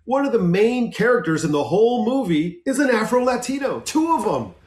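A man in casual conversation, talking in an animated, emphatic way with frequent restarts. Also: very high-pitched, brisk. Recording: echoey room.

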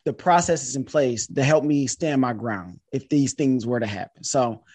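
A man hosting a podcast interview, drawing on his years as a high school teacher before asking his guest a question, often checking in with "right?". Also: moderate pace, darkish tone, breathy edge, no echo.

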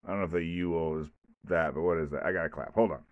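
A low-voiced man talks fast with fairly even intonation, hosting his own podcast solo. He rambles casually with many restarts and asides, and the dry recording has its highs cut off.

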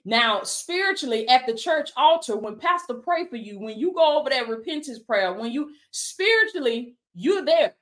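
High-pitched woman preaching with fervor. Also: animated, normal speed, few pauses. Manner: fervent call-and-response preaching with repeated "baby" and "come on now". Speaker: life coach and preacher. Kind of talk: preaching on a livestream.

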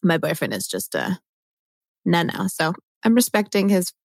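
A woman's voice: fairly low pitch, very animated, normal speed, creaky, dry recording. A woman hosting a casual podcast interview, talking effusively and laughing often. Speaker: podcast host.

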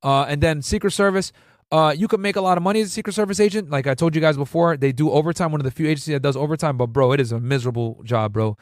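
A man in his thirties tells war stories from his time as a federal agent, casual and profane, tossing in "bro" and restarting sentences. His voice sits a bit high for a man. It is recorded close and dry, with no room sound. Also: very fast, dry recording. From Connecticut, US Northeast. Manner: slangy and profane, peppered with "bro" and "right?"; rambling, with frequent restarts. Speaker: former federal agent, channel host. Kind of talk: casual storytelling to viewers.

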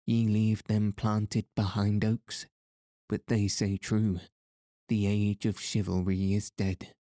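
A sharp-tongued young lady from an old storybook who teases everyone around her, read by a man. The delivery is slow and even, with a dark, low tone. It sounds dry and close to the mic. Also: dry recording. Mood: mocking. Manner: mocking, old-fashioned speech. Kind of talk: audiobook reading.

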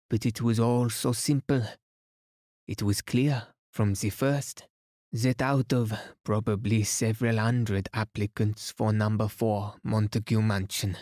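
A man's voice: fairly low pitch, a little mellow, no echo, clean studio sound. A man voicing a fussy, self-assured older male detective who reproves mildly and sprinkles in French words.

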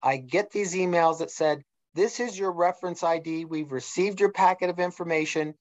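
A man's voice: high voice, normal speed, no echo. A middle-aged man in a casual discussion, telling a story and acting out the dialogue he quotes. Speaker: guest. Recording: dull lo-fi sound.

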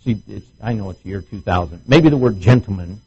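A man's voice: on the low side, lively intonation, brisk, dark tone, husky, lo-fi sound. A middle-aged male pastor preaching a sermon at a marriage retreat, acting out quoted voices as he goes. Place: marriage retreat meeting room.

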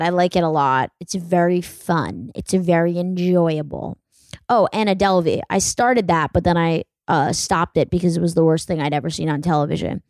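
A woman's voice: lowish voice, darkish tone, dry recording. A young woman hosting a podcast, chatting casually in a rambling, self-deprecating way full of fillers. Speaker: podcast host. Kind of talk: casual solo chat.

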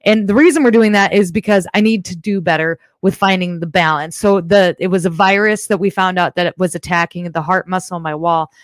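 A woman's voice: lowish voice, fairly quick, hardly any pauses, no room sound. A woman hosting a casual livestream show, chatting bluntly with viewers, swearing freely, and rambling through asides from her home setup. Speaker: podcast host.

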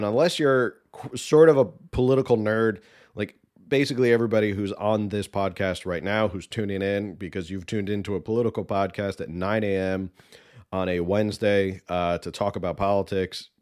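A man's voice: lowish voice, moderate pace, a little mellow. A man hosting a political podcast, giving casual, opinionated commentary with sarcasm and exasperation.

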